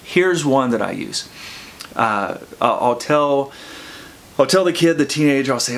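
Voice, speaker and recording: A man's voice: mid-range voice, lively intonation, a little slow. A man, an addiction counselor, talking earnestly to camera and often repeating his phrases as he explains. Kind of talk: earnest advice talk to camera.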